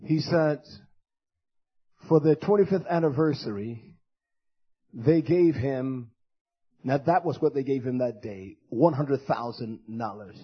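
Fiery husky preacher man. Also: measured pace, long pauses, lo-fi sound. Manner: loud, shouting denunciations that drop to low muttered asides. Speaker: pastor. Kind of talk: fiery sermon.

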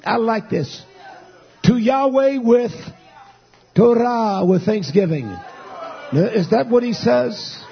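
A high-pitched man preaching with a raspy, gravelly edge. He takes his time over each phrase and keeps calling out to the congregation. The recording sounds dull and lo-fi. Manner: exhorting, calls out to congregation. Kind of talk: sermon.

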